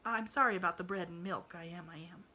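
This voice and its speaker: A woman's voice: lowish voice, fast, bright, forceful tone. A woman voicing a flustered, kindly young housemaid with rustic, folksy speech and frequent exclamations.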